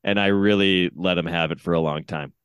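A man in his thirties, a podcast co-host, telling an animated story in casual chat and acting out his shouting at a game. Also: low voice, a little fast, clear, resonant tone, no room sound, studio quality.

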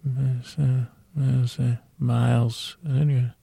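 Gravelly, flat-voiced man rambling drowsily. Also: mid-range voice, slow pace, dry recording. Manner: meandering, mumbling, playful asides. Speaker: podcast host. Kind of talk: rambling bedtime podcast talk.

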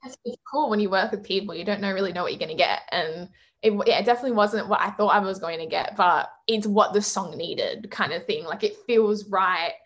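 A young woman who sings in a band chats easily as a guest in a relaxed, casual interview. Her medium-pitched voice, typical for a woman, comes with plenty of "like," restarts, and quick little laughs.

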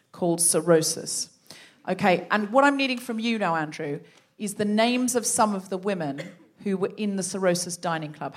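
A woman hosting a live comedy podcast on a theatre stage, chatty and laughing as she tells a story and sets up an improv scene. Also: medium pitch.

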